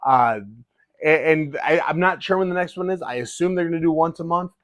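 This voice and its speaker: This middle-aged fighter and vlogger addresses the camera casually at a brisk clip, eager and animated, frequently stumbling and starting over. His pitch runs a little high for a man, captured in a close, dry recording with no room sound.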